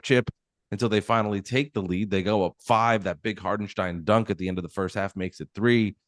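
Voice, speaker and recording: Low-voiced New man recapping a game. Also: no echo, clean studio sound. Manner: explains and recaps plays in detail, with frequent restarts. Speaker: podcast co-host. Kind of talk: casual sports chat.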